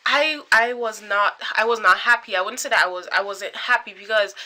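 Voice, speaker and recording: Bright-voiced Caribbean woman vlogging. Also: medium pitch, normal speed. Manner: animated, chatty, full of filler likes and dramatic quoted reactions. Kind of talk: casual storytelling to camera.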